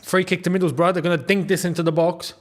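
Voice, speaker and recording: Excitable young man reacting to football. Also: high voice, fast talker. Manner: animated, exclaiming and scolding players directly. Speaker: football watchalong host. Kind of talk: live match reaction commentary.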